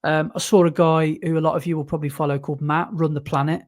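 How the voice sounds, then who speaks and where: A man's voice: on the high side, little pitch movement, fast. A man from the UK co-hosting a running podcast, chatting casually with lots of fillers and restarts. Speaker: podcast co-host. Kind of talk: casual chat.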